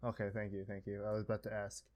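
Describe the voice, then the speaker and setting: A man's voice: lowish voice, monotone, fast talker, lo-fi sound. A man co-hosting a casual podcast, guessing along and dropping dry jokes. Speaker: podcast co-host.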